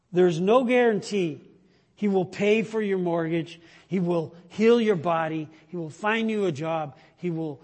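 A man delivers a sermon at an unhurried pace, his husky voice sitting fairly high. He presses hard on key phrases, then drops almost to a whisper. The sound rings with a long hall reverb. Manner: slow, emphatic preaching that swells loud then drops to a hush. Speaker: pastor.

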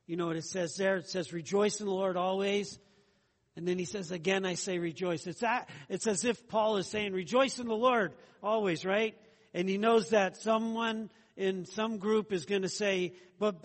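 A man with a high-pitched voice preaches an earnest sermon. He talks in a conversational way, repeating phrases and adding asides to the congregation. His voice rings with a long reverb, as in a church hall. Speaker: pastor.

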